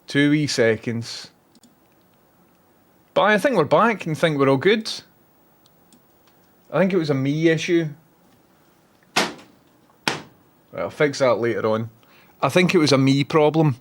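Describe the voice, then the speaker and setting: A man's voice: on the high side, expressive, measured pace, pauses often. A man with a Scottish accent talks casually to his livestream audience. He is chatty and self-deprecating, and he swears often and easily. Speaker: livestream host.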